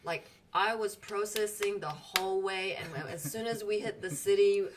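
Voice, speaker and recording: A woman's voice: mid-range voice, moderate pace, distant mic, noisy background. A woman in casual spiritual group chat, telling emotional stories animatedly and swearing freely.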